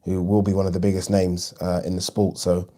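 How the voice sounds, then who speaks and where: A man's voice: deep voice, completely flat delivery, brisk, mellow. A man hosting a live boxing watch-along, chatting casually and frankly, reading viewers' comments with plenty of ums. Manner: chatty, frank, swears freely, frequent ums.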